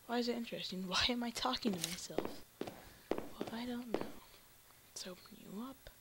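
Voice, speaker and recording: A woman's voice: fairly high pitch, moderate pace, long pauses, heavy background noise. A young woman playing a horror game, muttering to herself, then screaming and swearing when startled.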